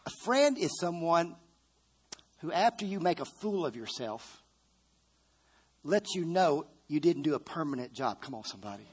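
A man's voice: on the high side, very animated, moderate pace, pauses often, slightly rough. A middle-aged male pastor delivering a fervent sermon. His voice sits a little above the usual male range. He keeps calling on the congregation to answer and hammers key phrases home by repeating them. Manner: fervent preaching with call-and-response to the congregation; repeats phrases for emphasis, with frequent restarts.

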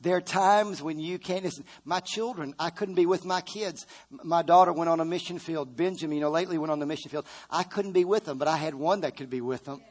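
Fervent middle-aged male preacher, slightly high. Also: fast. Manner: fervent preaching with call-and-response to the congregation; repeats phrases for emphasis, with frequent restarts. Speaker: pastor. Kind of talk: sermon.

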